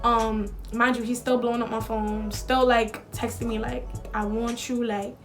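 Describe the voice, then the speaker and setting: A woman's voice: fairly high pitch, level tone, normal speed, soft background music. A young woman, telling a storytime vlog in casual, slangy talk full of likes and swearing. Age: young adult. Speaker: vlogger.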